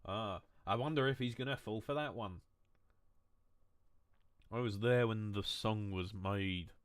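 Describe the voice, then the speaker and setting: A man's voice: on the low side, unhurried, smooth, dry recording. A man streaming a game, chatting casually in a rambling, joking way, mocking himself and swearing freely. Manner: loose, wandering talk with restarts. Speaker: gaming streamer.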